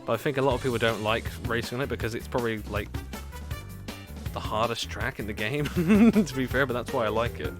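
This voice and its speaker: A young man chatting casually and giggling often while live-streaming a racing game, loud game music behind. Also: mid-range voice, fairly even intonation, fairly quick.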